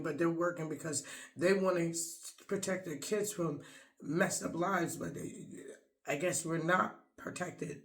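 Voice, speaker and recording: Rambling, heartfelt man with a higher voice. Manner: rambling, earnest, restarts often; heartfelt and apologetic. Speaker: vlogger. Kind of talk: emotional off-the-cuff monologue.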